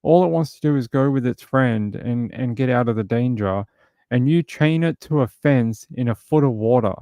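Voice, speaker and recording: A man's voice: medium pitch, normal speed, dark tone, no room sound, clean studio sound. Chatty male live stream host. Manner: chatty, reads viewer comments aloud. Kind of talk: casual live stream chat.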